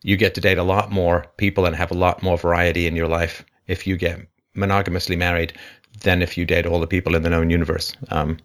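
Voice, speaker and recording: A man hosting a call-in advice show, talking emphatically with rhetorical questions and lively swings in pitch. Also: quick pace.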